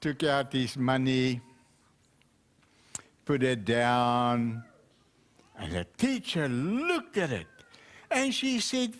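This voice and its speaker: A man's voice: medium pitch, extremely slow, pauses often. A man, a pastor, telling a children's story in church and asking the children questions. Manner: animated, asks the children questions.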